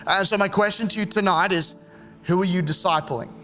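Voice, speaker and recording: A man, preaching a sermon in a relaxed, joking way and acting out short quoted exchanges. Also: high voice, faint music behind. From Australia. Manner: conversational and jokey, acts out quick quoted exchanges. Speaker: pastor.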